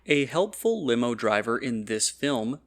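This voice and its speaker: A man reading out scripted quiz questions in an even, formal, measured way. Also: mid-range voice.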